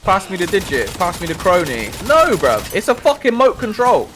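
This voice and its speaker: A young man co-hosting a gaming podcast, talking in crude, swearing banter with loud mocking outbursts. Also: sits high, huge pitch swings, moderate pace, slight background noise. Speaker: podcast co-host.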